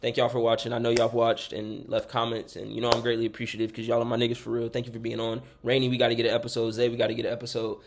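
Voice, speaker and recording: A man's voice: medium pitch, completely flat delivery, racing, creaky, hardly any pauses, a little hiss or hum. A young man hosting a podcast, rambling sincerely through thank-yous to friends and listeners, swearing freely and choked up close to tears. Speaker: podcast host. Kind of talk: heartfelt shout-outs to listeners.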